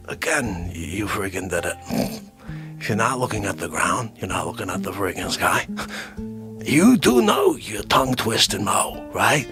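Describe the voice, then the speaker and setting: A man hosting a comedy monologue, jumping between shouting and whispering. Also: lowish voice, sing-song, normal speed, vocal fry, soft background music. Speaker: comedian host.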